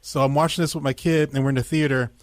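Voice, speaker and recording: A man's voice: mid-range voice, steady tone, fast, dry recording, clean studio sound. A man co-hosting a radio talk show, telling stories in an open, emotional way. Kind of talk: casual chat.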